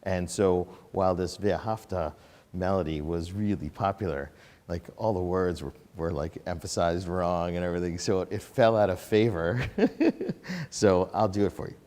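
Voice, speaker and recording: A man's voice: low-pitched, steady tone, normal speed, a little mellow. A man leading a livestreamed prayer service in a sanctuary. He sings chanted prayers and makes casual, rambling remarks between them. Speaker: service leader. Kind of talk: singing prayers and chatting with an online congregation. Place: synagogue sanctuary. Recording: long reverb of a large sanctuary.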